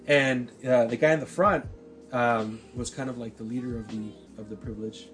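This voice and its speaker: A man in his forties telling a story in casual chat, profane and animated, often checking in with "right?". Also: medium pitch, normal speed, faint music behind.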